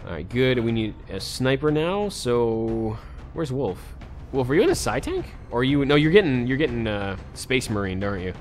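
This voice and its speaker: A man's voice: medium pitch, very animated, normal speed, a little hiss or hum. A man recording casual gameplay commentary as a let's play host, talking to himself and breaking into frustrated outbursts. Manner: talks to himself, swings into sudden frustrated outbursts.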